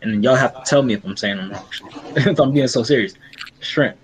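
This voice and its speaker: A man's voice: medium pitch, quick pace, rough recording. A man with a Midwestern US accent co-hosting a casual podcast, earnestly arguing his point and laughing easily. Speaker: podcast co-host. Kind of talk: casual chat.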